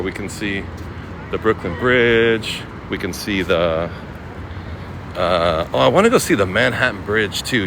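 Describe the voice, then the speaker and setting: Chatty man live-streaming outdoors. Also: lowish voice. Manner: chatty, greets viewers by name. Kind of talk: casual live-stream walking tour. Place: outdoors on a city waterfront promenade. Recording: outdoor city noise with traffic.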